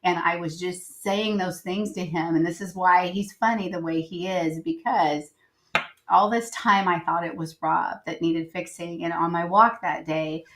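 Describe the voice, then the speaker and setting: On a podcast, a female guest who works as a writer and editor shares a personal story in an earnest, reflective way, using plenty of filler words. Her voice is lowish and fairly bright, with mostly level intonation and an unhurried pace. The recording quality is rough.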